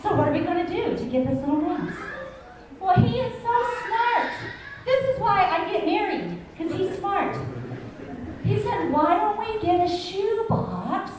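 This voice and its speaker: A woman's voice: very high voice, big pitch swings, measured pace, darkish tone. A woman telling a funny story at church story time, acting out her own reactions with gasps and laughs. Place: church hall. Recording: echoey hall from far off, room noise.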